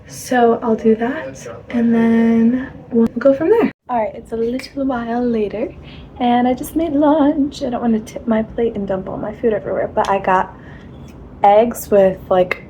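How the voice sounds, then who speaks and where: A woman's voice: on the high side, unhurried, dark tone, a little hiss or hum. A young woman chatting casually in a rambling, laughing way as she vlogs her day. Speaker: vlogger. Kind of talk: casual vlog chat.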